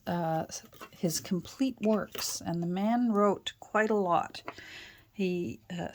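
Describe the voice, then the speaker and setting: A Canadian woman from Ontario chatting casually while she crafts, rambling with fillers and self-corrections, her voice still a little off after a sore throat. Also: fairly low pitch. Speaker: crafter and channel host. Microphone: own external microphone.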